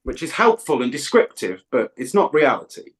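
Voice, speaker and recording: A man's voice: mid-range voice, very animated, normal speed. A man from England with a Midlands accent, a guest in a casual live debate, talking bluntly, swearing and often laughing. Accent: English Midlands.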